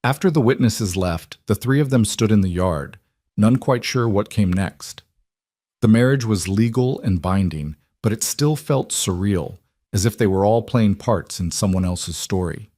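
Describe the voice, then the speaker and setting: A man narrating a western romance story in a calm, measured scripted reading. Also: lowish voice, no echo, studio quality.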